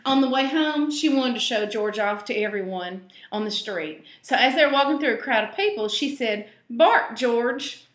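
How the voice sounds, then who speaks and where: A woman reading a picture book aloud to children, with animated, sing-song delivery and direct questions to her young listeners. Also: a little high, normal speed, few pauses. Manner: animated, gasping, sing-song, talks straight to kids. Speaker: storyteller host. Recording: roomy echo.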